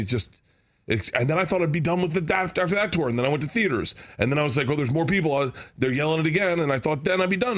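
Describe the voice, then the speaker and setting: A man in his fifties, a comedian guest in a studio, telling animated stories, laughing often and acting out other people's lines. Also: mid-range voice. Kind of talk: animated storytelling with quoted voices. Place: radio show studio.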